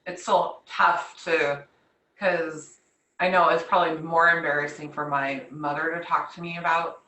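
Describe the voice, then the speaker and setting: Relaxed mom on a video call, bright voice, echoey room, faint noise behind. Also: female voice, low-pitched, measured pace. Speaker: mother and guest in a group chat. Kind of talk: casual group chat on a call. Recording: roomy, distant mic with faint noise.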